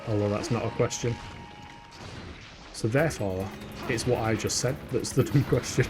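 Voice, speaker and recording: A man's voice: mid-range voice, moderate pace, music in the background. A man from England with a Yorkshire accent, giving jokey, chatty live commentary while playing a video game and answering chat questions. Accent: Yorkshire English. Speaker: gaming streamer. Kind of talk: live let's-play commentary.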